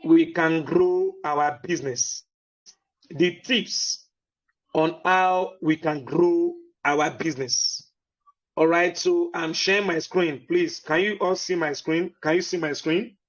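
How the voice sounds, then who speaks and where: Slow, deliberate man on a call. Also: fairly high pitch, lo-fi sound. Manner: repetitive, keeps checking that listeners can hear him; slow, deliberate delivery with many fillers. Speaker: host of an online business meeting. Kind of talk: motivational talk on an online call.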